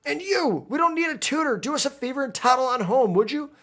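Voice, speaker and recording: A man voicing a bratty, snippy young male gang boss from a game, speaking in a high, indignant voice. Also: animated, fairly quick, a bit bright, exaggerated voice.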